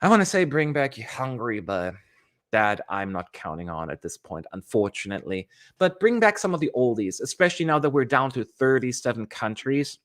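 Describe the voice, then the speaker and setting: A man hosts a casual livestream, talking straight to his viewers. His pitch sits in the middle range. He rambles through his thoughts and his voice jumps up high in sudden animated bursts. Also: fairly quick. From California. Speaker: host of a fan channel livestream.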